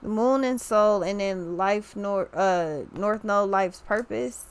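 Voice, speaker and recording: A woman's voice: mid-range voice, takes it slowly, clean tone. A young woman talks through a tarot reading in a loose, casual way. She rambles, restarts her thoughts and leans on slang for emphasis. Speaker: tarot reader.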